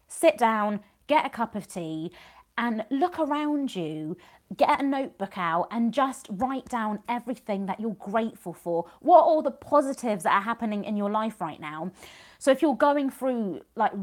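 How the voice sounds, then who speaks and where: Woman, 30s, a touch high-pitched; casual, earnest motivational vlogger who repeats her reassurances. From United Kingdom. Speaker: vlogger and business community host. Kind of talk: casual motivational talk to camera.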